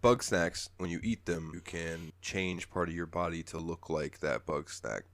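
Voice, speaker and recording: A man's voice: sits low, normal speed, fairly bright tone, no room sound. A man hosting a casual podcast, telling stories animatedly and slipping into character voices. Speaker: podcast host. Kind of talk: casual chat.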